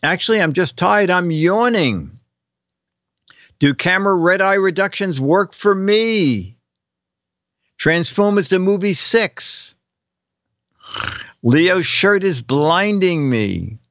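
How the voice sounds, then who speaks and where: A man's voice: high-pitched, animated, slow, long pauses, fairly bright tone, no echo, dull audio. An older man hosting a casual live show, reading viewers' joke captions aloud and chuckling between them. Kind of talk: casual comedic live-stream chat.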